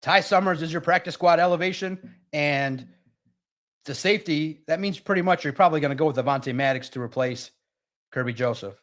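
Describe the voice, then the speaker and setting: A man's voice: on the high side, brisk, fairly bright tone. A man hosting a live sports stream, talking casually and with energy straight to his chat viewers. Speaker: sports livestream host.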